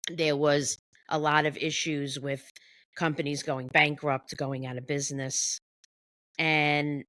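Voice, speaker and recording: A woman guest on a podcast explains her coaching in a slow, deliberate way. She stops often and fills gaps with "um". The sound is close and dry, with no room around it. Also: deep voice, fairly bright tone, no echo. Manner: slow, halting, with many pauses and fillers. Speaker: executive behavior coach, guest.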